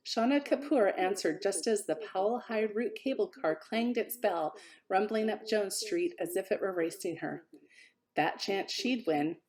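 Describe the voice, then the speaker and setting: A woman author reading an excerpt from her own novella with a lively, expressive delivery. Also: mid-range voice.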